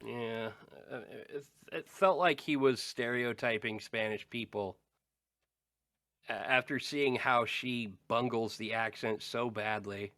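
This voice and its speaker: A man's voice: mid-range voice, sharp tone, no echo. A man co-hosting a podcast, chatting casually and tossing in wry, mocking asides. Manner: wry, quick joking asides. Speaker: podcast co-host. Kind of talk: casual chat.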